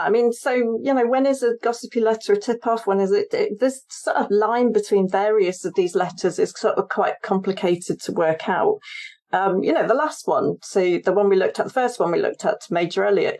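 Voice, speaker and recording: A woman's voice: medium pitch, darkish tone. A woman author and historian being interviewed on a podcast, explaining her research in a chatty way and laughing easily.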